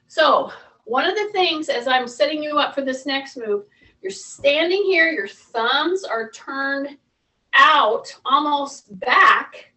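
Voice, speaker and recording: A woman's voice: high voice, lively intonation, takes it slowly, sharp tone, distant mic, poor audio. A woman fitness instructor talking viewers through a workout, chatty and coaching, repeating her cues.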